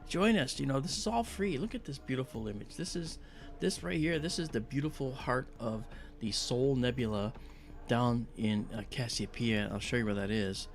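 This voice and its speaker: Faint music sits behind this astronomy livestream host, whose gravelly, medium-pitched voice moves at a moderate pace. He keeps up a rambling, warm chat with plenty of fillers, welcoming viewers by name.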